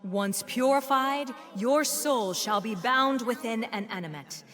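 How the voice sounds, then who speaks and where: An actress playing a stern female inquisitor who pronounces judgment in slow, formal, menacing speech. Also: on the high side, a bit bright. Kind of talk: video game voice acting.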